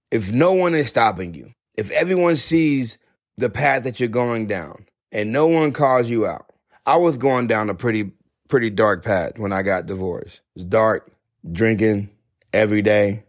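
Gravelly-voiced man, passionate and earnest. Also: medium pitch. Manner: passionate, repetitive, preacher-like emphasis. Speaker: speaker on men's issues. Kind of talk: earnest motivational talk.

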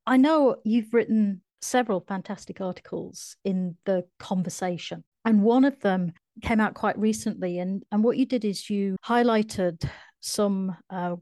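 A woman's voice: medium pitch, a little mellow, dry recording. A woman hosting a podcast, asking polite, encouraging interview questions. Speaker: podcast host.

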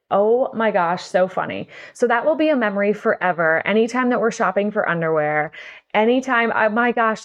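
A middle-aged woman hosting a casual talk show, telling stories in a chatty, rambling way and laughing often. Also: medium pitch. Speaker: podcast host and salon owner. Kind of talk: casual storytelling monologue.

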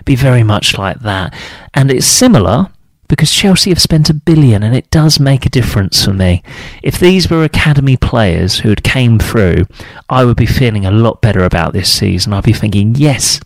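Brief: male fan vlogger, mid-pitched, frustrated rant, dry close mic. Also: expressive, normal speed, no room sound. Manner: frustrated, ranting, mocks other fans in high put-on voices. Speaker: football fan commentator. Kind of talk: opinionated solo talk to camera.

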